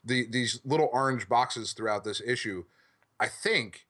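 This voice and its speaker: A man's voice: mid-range voice, measured pace, pushed and bright. A male podcast host in casual chat, rambling enthusiastically and swearing freely. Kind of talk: casual chat about comics.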